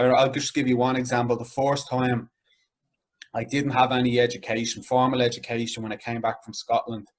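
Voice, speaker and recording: A young man with a Dublin inner-city accent, talking casually as an interview guest with many fillers like "like" and "you know". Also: medium pitch. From Ireland.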